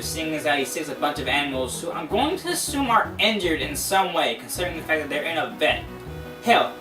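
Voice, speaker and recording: A man's voice: fairly high pitch, reverberant, distant mic, low-quality recording. Sarcastic man reviewing comics. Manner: sarcastic, mocking asides. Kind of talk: comedic review narration.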